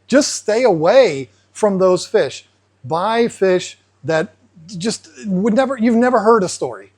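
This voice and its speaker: A man's voice: high-pitched, takes it slowly, slightly rough. A man hosting an aquarium channel, explaining casually and acting out fish in playful asides. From United States. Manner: animated, acts out fish voices in asides.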